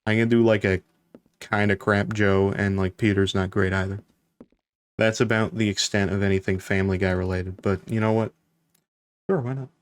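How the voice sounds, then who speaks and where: A man's voice: fairly low pitch, steady tone, normal speed, no room sound. A young man chatting casually on a live stream, rambling, laughing often and swearing now and then.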